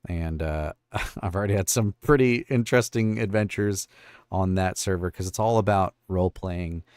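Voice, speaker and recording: A man's voice: deep voice, moderate pace, a little mellow, clean tone, no echo, clean studio sound. A man hosting a casual livestream, rambling and thinking aloud as he fiddles with his stream tools. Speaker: livestream host and voice actor. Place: home studio.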